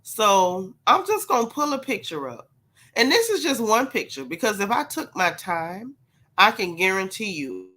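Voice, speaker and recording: A woman hosts a gossip livestream while sick, and her nose sounds stuffed up. Her voice has a bright, forward edge at an ordinary pitch. She talks straight to her viewers and hammers home each point by saying it again. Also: sing-song, a little slow. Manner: emphatic, repeats her points for stress. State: congested, sick voice. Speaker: gossip channel host. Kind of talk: livestream commentary.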